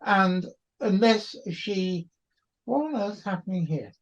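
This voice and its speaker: A man hosting a podcast, telling a story in a wry, rambling way. His voice is husky and he speaks very slowly. The recording sounds dull and lo-fi. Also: high voice, expressive. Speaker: podcast host. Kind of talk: storytelling monologue.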